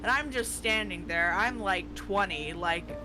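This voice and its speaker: On a streamed tabletop game with background music, a woman casually tells an anecdote, laughing all through it. Her voice is mid-range and her pace measured, captured on a low-quality recording.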